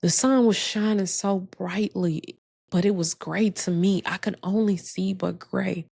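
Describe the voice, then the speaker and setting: A woman, telling a heartfelt personal story slowly and reflectively, with pauses and restarts. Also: mid-range voice, steady tone, creaky, a little mellow, breathy edge, no echo, studio quality. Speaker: host sharing a personal story.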